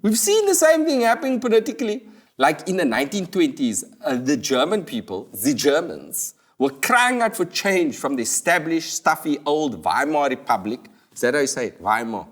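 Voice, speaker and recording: A man with a South African accent, hosting a jokey comic monologue and switching quickly between voices. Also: a little high, very animated. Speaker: comedian host.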